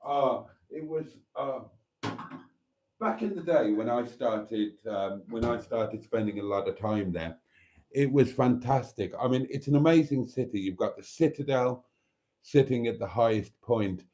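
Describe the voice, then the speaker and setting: A man's voice: medium pitch, animated, measured pace, warm tone. A man hosting a live stream from his motorhome, chatting in a rambling, easygoing way and laughing easily. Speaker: channel host.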